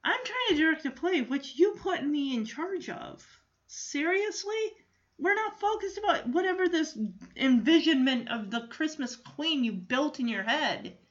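A woman's voice: sits high, animated, measured pace, fairly bright tone, lo-fi sound, voice pushed up. A woman voicing an exasperated cartoon boy who is directing a play, speaking in a frustrated, pleading way. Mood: fed up.

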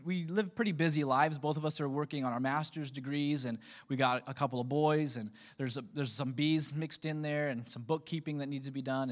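A man in his thirties preaching a relaxed, conversational sermon as pastor, full of joking asides to his congregation. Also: on the high side.

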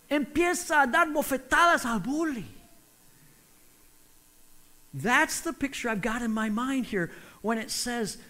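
A male preacher with a high, bright voice tells a story with animation. He says each thought in English and then repeats it in Spanish. His delivery swings between punchy drama and hushed emphasis. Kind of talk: sermon with own Spanish interpretation.

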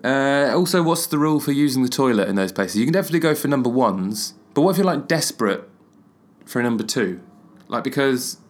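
A man's voice: medium pitch, lively intonation, fairly quick. Man, twenties, solo podcast host, rambling, self-deprecating. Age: 20s.

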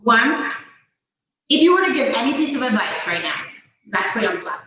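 Woman podcast co-host, casual and chatty, bright tone, distant mic in a roomy space. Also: a little high, sing-song, fairly quick. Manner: chatty, many "like" fillers. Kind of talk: casual live chat. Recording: echoey room, far from the mic.

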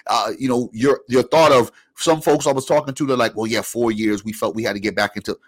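A man in casual podcast conversation, arguing his view with force. His ordinary voice sits at a middle pitch, and it jumps high when he presses a point. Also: steady tone, a little fast, hardly any pauses. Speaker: podcast co-host. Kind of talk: casual chat.

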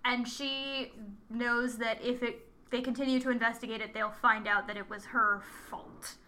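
Woman co-host, casual film chat, slightly high, bright voice, halting delivery. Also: little pitch movement. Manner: hesitant, many fillers and restarts. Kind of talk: casual movie recap chat.

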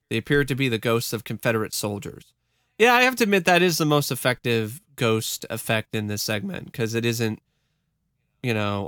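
A man's voice: mid-range voice, smooth, dry recording, studio quality. A man co-hosting a podcast, recapping a ghost show in casual chat, often laughing and joking as he tells it. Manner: laughs often, relaxed storytelling with joking asides. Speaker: podcast co-host.

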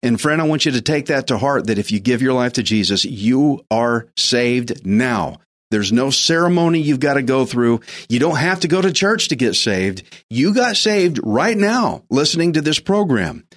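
A man's voice: medium pitch, expressive, moderate pace. A man hosting a faith program, preaching in an earnest, urging way and repeating his phrases. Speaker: host, preacher. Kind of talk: sermon-style radio devotional.

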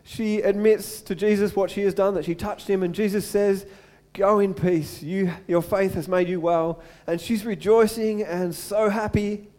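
A young adult man preaching a sermon as pastor, earnest, swinging between loud urgent build-ups and slow, soft appeals. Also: sits high, steady tone.

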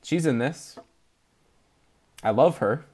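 A man's voice: mid-range voice, lively intonation, slow, a little mellow. A man co-hosting a podcast, chatting casually about movies, laughing often and making fun of himself. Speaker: podcast co-host. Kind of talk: casual movie-review chat.

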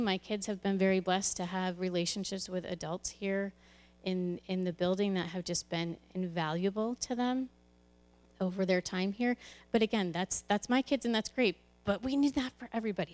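A woman's voice: medium pitch, darkish tone. A woman who runs a church's children's ministry speaks to the congregation in a plain, mid-range voice. She gives a personal testimony in a candid, conversational way. She restarts her sentences often as she talks.

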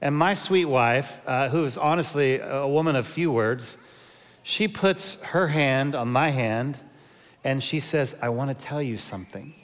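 Fifty-something pastor, humorous sermon. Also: male voice, medium pitch, a little slow, long reverb tail. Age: 50s. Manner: humorous storytelling with personal anecdotes.

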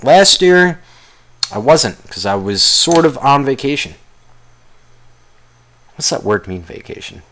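A man's voice: medium pitch, very animated, slow, pauses often, fairly bright tone, a little hiss or hum. A man hosting his own podcast alone, ranting angrily in a rambling, profanity-heavy way. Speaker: podcast host. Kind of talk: solo podcast rant.

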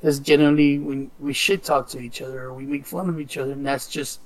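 A man in casual chat, telling stories loosely with profanity and quick impressions of others. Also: mid-range voice, steady tone, dry recording.

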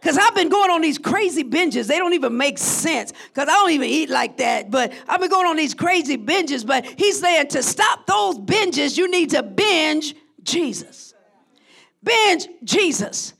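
A woman preaching a sermon who swings from hushed, drawn-out lines to shouted crescendos and calls out to her congregation. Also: sits high, animated, creaky. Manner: call-and-response with the congregation.

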